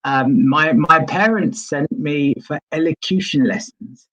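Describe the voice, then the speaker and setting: A man's voice: on the high side, measured pace, a bit bright, poor audio. A man from East London hosting a comedy stream over a video call, chatty and jokey, stammering and repeating himself. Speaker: comedy show host. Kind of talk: stand-up banter on a live stream.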